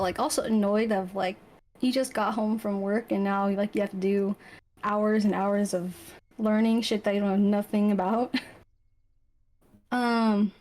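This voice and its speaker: Here a woman's mid-range, somewhat mellow voice carries her turn as a player in a casual tabletop role-play. Speaking as her character, she rambles through many fillers and breaks into laughter easily.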